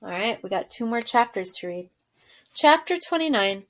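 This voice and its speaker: A woman's voice: on the high side, normal speed. Woman teacher reading a novel aloud. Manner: expressive narration with questions to students.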